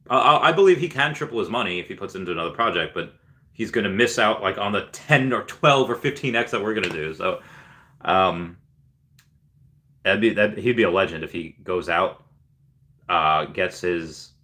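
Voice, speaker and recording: A man's voice: low-pitched, pushed and bright. A man hosting a casual livestream, reading viewer comments aloud with lots of ums and cheering on the winners. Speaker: livestream host reading chat.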